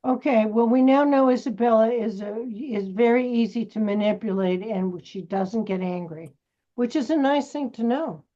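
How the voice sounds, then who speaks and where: A woman's voice: on the high side, normal speed, mellow. A woman acting teacher coaching students through a scene, brash and teasing as she pushes them. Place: acting class studio. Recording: dull lo-fi recording.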